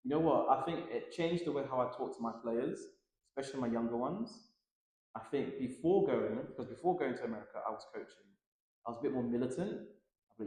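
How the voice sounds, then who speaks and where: A man in his thirties, a tennis coach chatting easily as an interview guest, with lots of fillers and quick laughs. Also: mid-range voice, heavy reverb. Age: 30s. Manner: relaxed, filler-heavy, laughs often. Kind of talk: casual interview chat.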